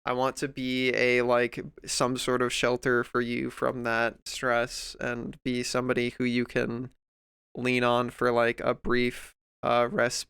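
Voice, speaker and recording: Close to the mic at home, a male streamer chats casually while drawing, his medium-pitched voice a bit bright and clean with vocal fry and no echo. He rambles in a heartfelt way, full of fillers and restarts.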